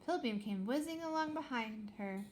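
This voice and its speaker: A woman reading a children's space adventure aloud with lively, expressive storytelling. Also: a little high, normal speed, a little hiss or hum. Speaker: reader.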